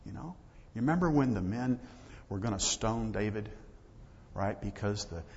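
A man's voice: on the low side, animated, normal speed, darkish tone. A man preaching a sermon as pastor, talking conversationally and acting out little dialogues. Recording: dull lo-fi audio with long hall reverb.

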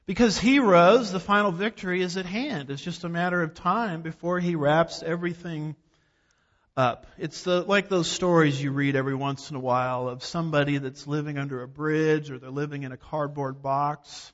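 High-voiced preacher. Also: male voice, steady tone, moderate pace, a bit bright. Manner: emphatic, rhetorical questions, folksy asides. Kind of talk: sermon. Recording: dull sound with long hall reverb.

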